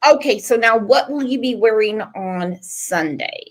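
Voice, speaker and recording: A woman's voice: a little high, measured pace. A woman hosting a casual livestream, chatting and teasing a caller. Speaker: channel host.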